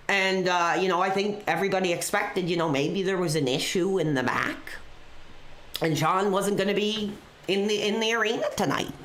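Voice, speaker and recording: A woman hosting a live wrestling stream, talking off the cuff with constant "you know" fillers. Her pitch sits in an ordinary middle range. The sound is roomy, with a noticeable echo around her. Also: fairly bright tone. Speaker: live wrestling show host.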